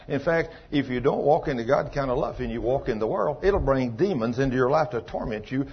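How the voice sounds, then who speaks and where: A man preaching a sermon as pastor, telling a story and acting out the dialogue, swinging between loud and soft. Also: mid-range voice, breathy edge, muffled recording.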